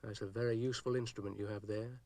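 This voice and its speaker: A man's voice: on the low side, steady tone, fast talker, warm tone, dry recording, lightly acted. A man doing a drawling sleepy hippie rabbit. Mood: weary. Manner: drawling, spaced-out, hesitant.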